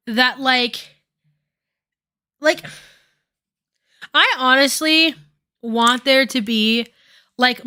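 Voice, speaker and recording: A woman's voice: on the high side, sharp tone, clear, resonant tone. A woman giving casual stream commentary while doing her makeup, rambling with lots of fillers and casual swearing.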